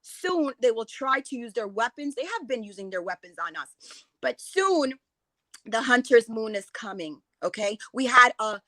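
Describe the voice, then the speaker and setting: A woman's voice: on the high side, lively intonation, moderate pace, sharp tone, no echo. A woman giving an impassioned, emotional talk as a guest speaker, rambling and restarting her sentences as she goes.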